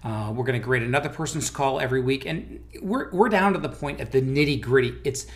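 Animated American man hosting. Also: mid-range voice, fast. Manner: animated, stressed words, frequent restarts. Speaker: business owner and host. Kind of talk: conversational interview.

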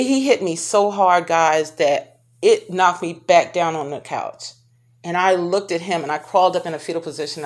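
A woman telling a painful personal story to her viewers, speaking haltingly with many restarts and pauses. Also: low voice. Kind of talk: personal testimony to camera.

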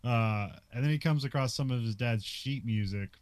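A man talks through a film's plot in loose, casual chat, laughing easily and circling back with "like" and "uh". His voice sits at an ordinary middle pitch. The sound is dry and close, with no room around it. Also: normal speed, dry recording. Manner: laughs often, many fillers and restarts. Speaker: podcast co-host. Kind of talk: casual film discussion.

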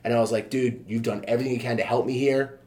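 A man's voice: medium pitch, steady tone, quick pace, a little mellow. A man in his thirties, a fitness trainer and podcast guest, telling his own story in a candid, casual way, full of fillers and easy swearing.

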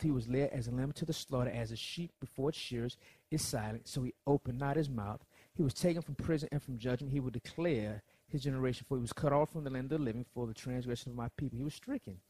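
A man preaching a sermon, swinging between soft lines and loud ones as he acts out quotes. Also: medium pitch, breathy edge, no echo.

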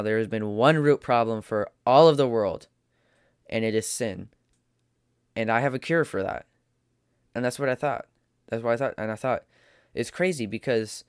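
A man's voice: fairly low pitch, clean tone, no echo, studio quality. A man delivering an opinion monologue as a podcast host, emphatic and preachy, hammering points through repetition.

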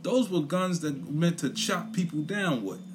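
A man's voice: a little high, lively intonation, unhurried, noisy background. A young man gives a blunt, profane opinion rant in casual chat, repeating his points for emphasis. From Brooklyn, New York. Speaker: commentator.

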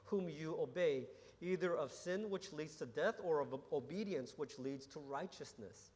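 Guy preaching, slightly high voice, earnest, lots of restarts, big echoey church. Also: normal speed, few pauses. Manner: earnest teaching tone with frequent restarts and rhetorical questions. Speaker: pastor. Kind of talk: sermon. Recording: long hall reverb.

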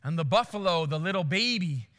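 A man preaching a sermon, telling a story with animated swings from hushed to loud before reading scripture. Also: sits high, fairly quick, long reverb tail. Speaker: pastor.

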